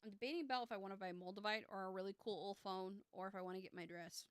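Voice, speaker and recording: This thirty-something tarot reader talks casually on a live stream, wandering off topic, teasing herself, and filling her speech with fillers and restarts. She races along at a medium pitch with a steady, clean tone and no echo.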